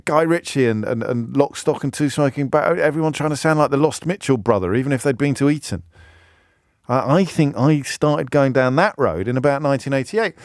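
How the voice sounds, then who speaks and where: Rambling radio host, dry studio sound. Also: male voice, on the high side, no room sound. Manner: rambling, self-interrupting, animated storytelling. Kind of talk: talk radio monologue and call. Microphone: studio microphone.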